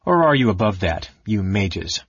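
A man's voice: lowish voice, very animated, normal speed, slightly rough, no echo. A man voicing a fierce, scornful warrior woman who snarls her words. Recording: dull, dry lo-fi audiobook recording.

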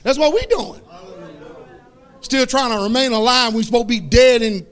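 A pastor preaching a fiery sermon, stretching out scripture in slow shouts and questioning his congregation. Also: very high-pitched, smooth.

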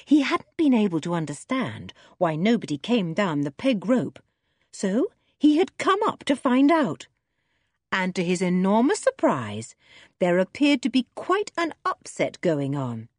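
Lively woman reading a storybook. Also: medium pitch, slightly rough, no echo, clean studio sound. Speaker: audiobook reader. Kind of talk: storybook narration.

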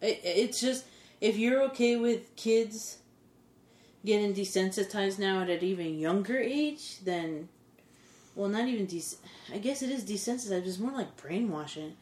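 A woman's voice: medium pitch, unhurried, echoey room. A woman co-hosting a podcast, talking casually and indignantly, acting out what other people say. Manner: indignant, animated quoting of others. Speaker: podcast co-host. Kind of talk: casual chat.

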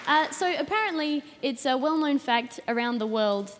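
High-voiced deadpan young Australian woman. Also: normal speed, hardly any pauses, some chatter behind. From Australia (Adelaide). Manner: deadpan, with sudden high shrill rants. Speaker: stand-up comedian. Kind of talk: stand-up comedy set. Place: comedy stage in a hall. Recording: reverberant hall, faint noise.

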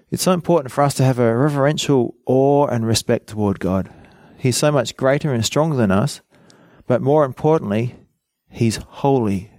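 A man's voice: medium pitch, darkish tone, dry recording, clean studio sound. A man preaching a Bible teaching, reading scripture aloud and explaining it plainly with small fillers.

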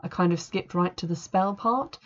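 A woman's voice: fairly low pitch, normal speed, natural voice. A woman voicing Kate, an eager teenage girl who coaxes and pleads for help. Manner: pleading, coaxing. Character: impatient, eager teen girl desperate for a fix. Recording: dull lo-fi recording.

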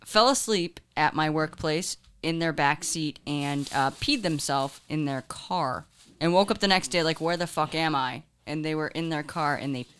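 Smooth-voiced woman telling wild stories. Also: sits low, normal speed. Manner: animated, swearing, acts out quotes. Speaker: podcast co-host. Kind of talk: casual chat, storytelling.

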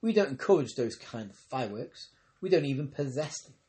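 A man voicing an earnest, gentle grown woman in a storybook reading. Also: mid-range voice, expressive, a little fast, lightly acted.

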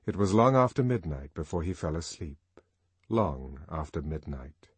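A man narrating a novel in a measured, expressive audiobook reading. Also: a bass voice, husky, no room sound. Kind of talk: scripted narration.

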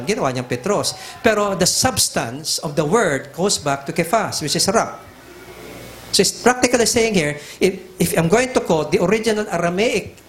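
A middle-aged Filipino man preaching a teaching sermon, emphatic and repetitive, switching back and forth between languages. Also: high voice. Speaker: pastor.

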